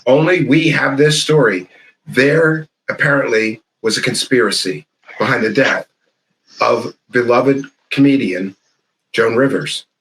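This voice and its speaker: A man's voice: mid-range voice, a little slow, a bit bright, echoey room, a little hiss or hum, rough recording. A man hosting a podcast, putting on a theatrical, hammy mock news announcer voice. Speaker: podcast host.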